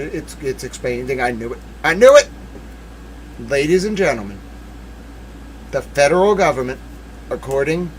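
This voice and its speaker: A young man hosting a true-crime livestream, reading court papers aloud and swinging from hushed muttering to outbursts of shouting. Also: on the high side, slight background noise, rough recording. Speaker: livestream host.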